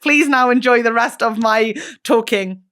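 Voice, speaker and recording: A woman's voice: a little high, a little slow. Bubbly woman hosting a podcast. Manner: animated, self-mocking, swears freely. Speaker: podcast host. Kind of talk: casual comedic chat.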